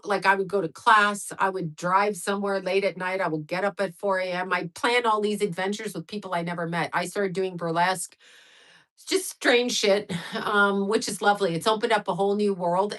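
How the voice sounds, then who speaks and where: A woman's voice: medium pitch, moderate pace, a bit bright, rough recording. Candid, rambling woman in her sixties. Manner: candid, rambling, profane, answers chat messages. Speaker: livestream host. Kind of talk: casual livestream chat.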